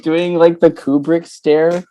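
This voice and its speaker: A man's voice: a little high, level tone, slow, warm tone. A man guest on a podcast in casual chat, giggling through his own stories and full of "like" fillers. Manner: loose talk full of "like" fillers.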